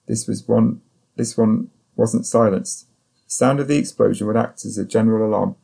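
A man narrating an audiobook in the first person, in a steady, measured way. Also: medium pitch, gravelly, slightly rough.

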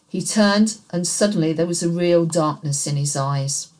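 A woman giving steady, measured first-person narration of an audiobook thriller. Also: low voice, over music.

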